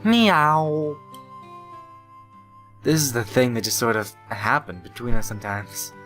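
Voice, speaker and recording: A man's voice: lowish voice, brisk, a bit bright. A young man hosting a let's play, reading a visual novel aloud and breaking off for joking asides. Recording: faint game music behind.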